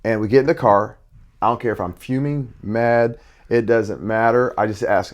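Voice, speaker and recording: A man's voice: medium pitch, steady tone, normal speed, muffled recording. A man talking as a podcast guest about being a father and youth coach, earnest and reflective, often restarting his sentences. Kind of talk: podcast conversation.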